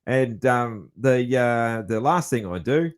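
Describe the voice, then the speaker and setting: Slow-paced but animated, this podcast host speaks at a medium pitch. He chats casually in a rambling way, chuckling and making frequent restarts.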